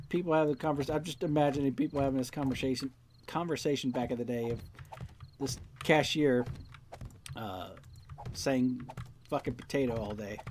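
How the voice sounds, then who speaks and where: A man's voice: medium pitch, moderate pace, long pauses, darkish tone, a little hiss or hum. Rambling, swearing male game streamer. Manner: rambling, swears often, acts out quoted dialogue. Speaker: let's play host. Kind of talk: casual rambling commentary while playing.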